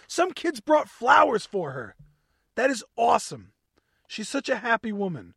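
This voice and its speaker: A bubbly, giggly male podcast host who talks in a high, lively voice that jumps around a lot. His tone is bright and he is recorded close in a dry, dead-sounding space. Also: moderate pace, no room sound. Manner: bubbly, giggly, playfully over the top. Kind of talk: upbeat talk show chat.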